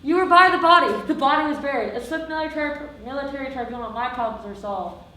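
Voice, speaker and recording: Girl acting as a commanding male king, imperious, proclaiming, high voice, echoey hall, distant from the mic. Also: quick pace, bright, forceful tone. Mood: stern. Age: teens. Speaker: student actor. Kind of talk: live high school stage play. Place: school theatre stage.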